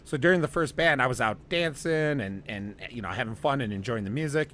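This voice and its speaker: A man's voice: mid-range voice, lively intonation, fairly quick, a bit bright, slight background noise. A man telling a long, rambling personal story in casual chat, often laughing and restarting.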